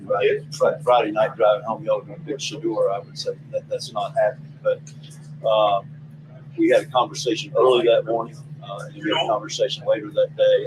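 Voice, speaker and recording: Low-voiced man at a noisy press conference. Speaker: team owner at a press conference.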